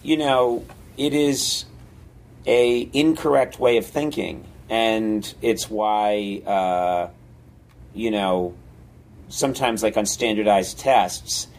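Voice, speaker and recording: A man's voice: lowish voice, fairly even intonation, slow, poor audio. Rambling male comedy writer. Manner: rambling, filler-heavy storytelling. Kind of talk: casual podcast conversation.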